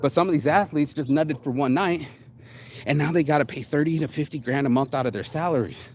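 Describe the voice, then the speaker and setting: Male host, solo rant, profane and blunt, fairly high voice with sudden pitch leaps. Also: brisk, darkish tone. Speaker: show host. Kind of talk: solo ranting monologue.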